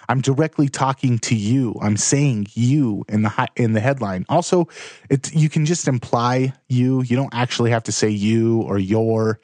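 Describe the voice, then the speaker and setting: A man's voice: medium pitch, moderate pace, a little mellow, no echo. Blunt, dry-sounding man in his thirties. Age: 30s. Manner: direct, plain-spoken, emphatic. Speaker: blogger giving writing tips. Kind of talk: casual instructional talk to camera.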